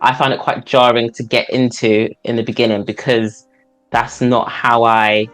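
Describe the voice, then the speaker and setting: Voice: mid-range voice, level tone, normal speed, fairly bright tone. Chatty book podcast cohost, asks lots of questions, faint music in the back. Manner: inquisitive, many short mm's. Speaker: podcast co-host. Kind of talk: casual book chat.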